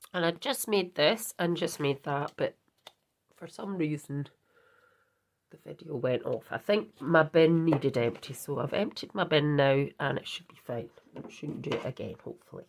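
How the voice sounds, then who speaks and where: A woman hosting a craft video, chatting in a rambling way and correcting herself as she works, with a sweet in her mouth against a cough. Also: low-pitched. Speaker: craft channel host. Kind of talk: casual crafting demonstration.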